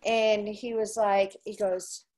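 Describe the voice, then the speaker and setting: A woman's voice: mid-range voice, slow pace. A woman, a country music radio personality, telling anecdotes in a casual chat and acting out what others said. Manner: animated storyteller who acts out quoted voices.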